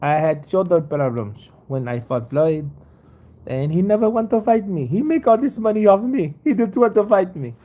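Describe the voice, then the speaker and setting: Man doing a proud veteran boxer, broken English, plaintive and challenging, raised pitch. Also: lively intonation, moderate pace, mellow. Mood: aggrieved.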